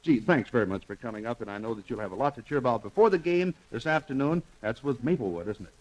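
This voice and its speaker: A man's voice: medium pitch, animated, quick pace. A man hosting a live radio show, chatting and teasing his young guests. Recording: dull lo-fi 1950s radio recording.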